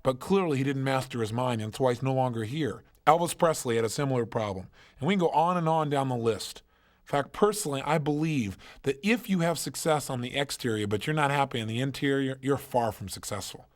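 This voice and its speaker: A man delivers a motivational seminar talk, telling stories emphatically and posing rhetorical questions. His voice is medium-pitched and brisk.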